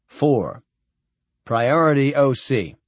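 A man narrating an audiobook in an expressive, steady storytelling manner. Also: medium pitch, takes it slowly, no echo. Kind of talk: scripted narration.

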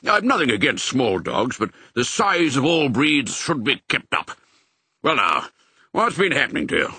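A man reading a storybook, voicing a brisk, fatherly old male sheepdog who is a colonel. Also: mid-range voice, big pitch swings, sharp tone, slightly rough, no echo, full character voice. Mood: hearty. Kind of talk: audiobook character voice.

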